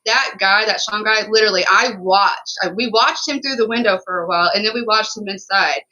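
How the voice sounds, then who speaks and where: Podcast co-host, woman; bright, forceful voice, swears a lot, talks in heated run-ons. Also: medium pitch, dull audio. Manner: emphatic and profane, rapid run-on storytelling. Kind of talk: casual podcast storytelling.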